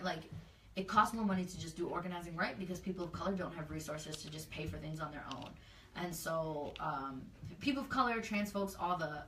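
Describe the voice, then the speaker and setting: A woman's voice: deep voice, a bit bright, distant mic, a little hiss or hum. A woman community organizer in a casual interview, speaking earnestly and loosely with lots of fillers. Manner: earnest, talks freely with many fillers. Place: indoor room, livestream. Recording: echoey room, off-mic.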